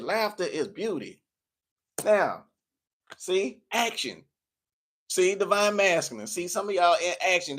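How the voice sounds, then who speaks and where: A man's voice: high voice, fairly bright tone. A man from Tennessee with a Southern accent, a tarot reader chatting live in a playful, preachy, scolding way. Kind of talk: live tarot reading chat.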